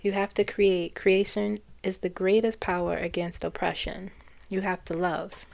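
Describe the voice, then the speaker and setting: A woman psychic reader speaking earnestly to her viewers as she relays channeled messages, often pausing to restart and repeat phrases. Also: lowish voice, little pitch movement, gravelly, a little mellow.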